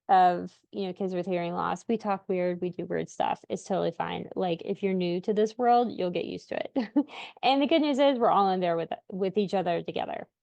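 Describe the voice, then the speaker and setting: A chatty woman in her thirties shares tips as a parent, talking casually and laughing often. Her voice sits at an ordinary middle pitch, and the sound is close and dry with no room echo. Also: gravelly, darkish tone. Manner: chatty, lots of filler words, laughs often. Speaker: parent of deaf children giving tips. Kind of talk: casual instructional talk to camera.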